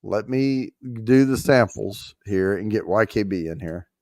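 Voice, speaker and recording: A man hosts a casual livestream at an unhurried, drawn-out pace. He jokes loosely and swears mildly as he fumbles with the giveaway screen. The sound is dry and close, with no room behind him. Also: on the low side, a little mellow, no echo. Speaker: show host running a prize giveaway.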